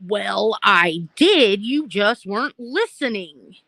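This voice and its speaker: A woman's voice: medium pitch, lively intonation, slow pace, pushed and bright, no room sound. Woman telling her story live. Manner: open, talkative, addresses viewers directly. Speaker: host of a live stream about mental health. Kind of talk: personal storytelling, casual chat.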